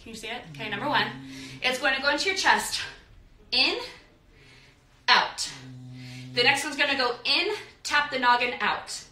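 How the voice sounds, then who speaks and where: This dance instructor, a young American woman, runs a live online class by counting beats aloud and singing the steps. Her voice sits high, pushed and bright, at a moderate pace with long pauses. The mic is placed at a distance in a roomy studio.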